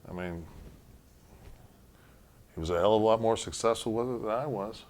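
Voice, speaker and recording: A man's voice: lowish voice, normal speed, darkish tone. A man telling stories as an interview guest, blunt and swearing freely. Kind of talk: casual storytelling interview.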